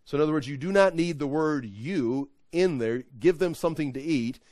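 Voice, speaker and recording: A man's voice: on the high side, lively intonation, normal speed, a little mellow, no room sound. A man leading an evening Bible study, teaching in a conversational, emphatic way and often correcting himself.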